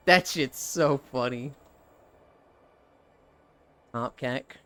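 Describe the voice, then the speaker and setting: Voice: mid-range voice, slow, long pauses, a bit bright, clean tone. A live streamer in casual chat who rambles, swears freely, laughs often and answers chat as they go.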